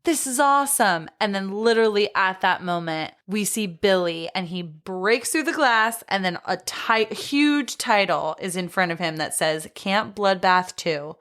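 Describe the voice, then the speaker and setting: A woman's voice: medium pitch, measured pace, few pauses, fairly bright tone. A woman co-hosting a horror film podcast in casual chat, retelling scenes and laughing often. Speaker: podcast co-host.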